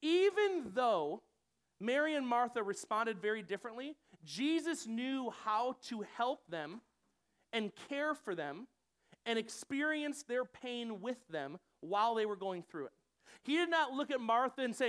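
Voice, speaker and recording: A man preaching in a relaxed, conversational way to a gathered room. He keeps it chatty and animated and slips into quick acted-out voices of what people might think or say. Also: very high-pitched. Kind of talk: sermon. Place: church room with audience.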